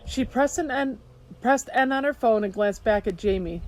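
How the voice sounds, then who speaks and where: A woman reading a children's novel aloud in steady storytelling narration. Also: a little high, normal speed, low-quality recording. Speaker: audiobook narrator. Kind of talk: scripted narration. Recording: hiss behind voice.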